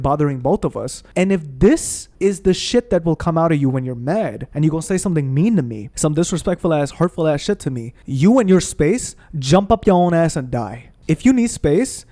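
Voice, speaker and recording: Blunt, swearing man ranting over a game stream; a higher, warm voice. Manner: heated, profane, blunt. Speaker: gaming streamer. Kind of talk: ranting commentary over gameplay.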